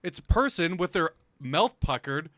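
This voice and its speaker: A man's voice: a little high, animated, normal speed, fairly bright tone, dry recording, clean studio sound. A man in casual podcast chat, blunt and profane, teasing his friend.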